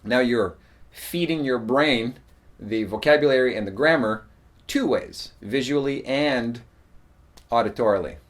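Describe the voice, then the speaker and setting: A man teaching in a relaxed spoken lesson, explaining tips at an easy pace with frequent ums and uhs. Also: mid-range voice, unhurried. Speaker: English teacher.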